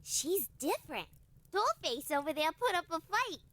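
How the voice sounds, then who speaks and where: A woman's voice: very high voice, sing-song, normal speed, a bit bright, exaggerated voice. A woman voicing a brash female park spirit with a New Jersey accent and a blunt, streetwise drawl. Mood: gruff.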